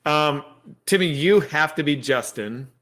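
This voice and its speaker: Upbeat male guest, bright higher voice. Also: measured pace. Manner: enthusiastic, repeats himself when excited. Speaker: guest filmmaker. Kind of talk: casual interview chat.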